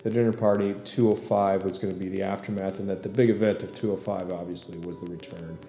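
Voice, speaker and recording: A middle-aged man hosts a commentary podcast in a laid-back, rambling way, his low voice mellow and warm. He pads his thoughts with fillers and drifts between points. The room around him has a noticeable echo. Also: quick pace. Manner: relaxed, rambling with many fillers. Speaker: podcast host and producer.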